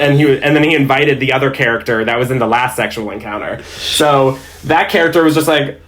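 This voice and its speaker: A man's voice: mid-range voice, brisk, a bit bright. A man and dungeon master chatting as a podcast guest, telling stories in a rambling, self-amused way. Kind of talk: casual chat.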